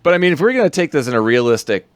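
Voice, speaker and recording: A man's voice: fairly high pitch, very animated, rapid-fire, dry recording. A man co-hosting a podcast, rambling through a film recap in casual chat, laughing often.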